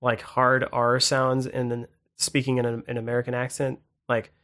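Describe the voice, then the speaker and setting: A man in casual conversation about films, rambling with halting restarts and fillers. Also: mid-range voice, completely flat delivery, fairly bright tone. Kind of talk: casual movie chat.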